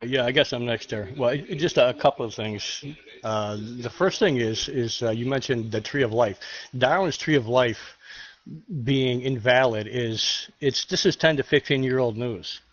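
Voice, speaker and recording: A man arguing his point in an online debate, hesitant, with many fillers and restarts, clearing his throat now and then. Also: medium pitch, unhurried. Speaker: debate participant. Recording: dry muffled mic recording.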